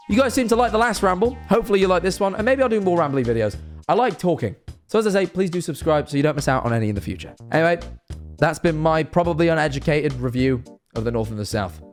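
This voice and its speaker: A young man chatting in a cheeky monologue. His voice sits high and bounces around expressively. Faint music plays softly behind him. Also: quick pace. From northern England. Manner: animated, cheeky, swears casually. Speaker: streamer and vlogger. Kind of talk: casual rambling monologue to camera.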